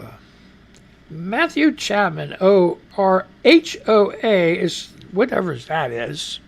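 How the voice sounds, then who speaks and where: Pria bersuara serak, ekspresif dan tinggi. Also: male voice, sits high, sing-song, slow pace, gravelly. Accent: American. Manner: rambling, profane, exclaiming and laughing. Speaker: radio show host. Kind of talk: casual live news commentary.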